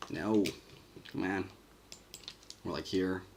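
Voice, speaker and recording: A man with a somewhat low voice talks casually through his animation livestream, murmuring his thoughts as he draws and reads the chat. Faint keyboard clicks sit underneath. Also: darkish tone, slight background noise. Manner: thinking aloud, murmuring, reading chat. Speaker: animator streaming his drawing work. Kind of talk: casual livestream commentary while drawing.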